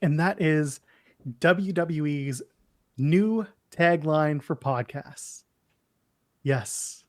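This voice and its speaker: A man's voice: on the high side, drawn-out words, long pauses, no echo, studio quality. A man co-hosting a casual wrestling podcast, opinionated and snarky as he runs through lists. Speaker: podcast co-host.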